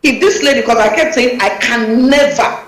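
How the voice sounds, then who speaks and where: Woman, high voice, urgent and pleading, echoey video call sound. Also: moderate pace. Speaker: guest. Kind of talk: talk show interview.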